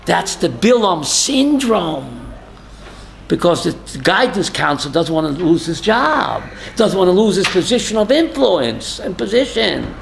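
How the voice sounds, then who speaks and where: Man, rabbi, sermon-style class, high voice, emphatic, asks listeners questions. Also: sing-song, a little slow, creaky, a little hiss or hum. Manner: emphatic, rhetorical questions, calling on listeners by name.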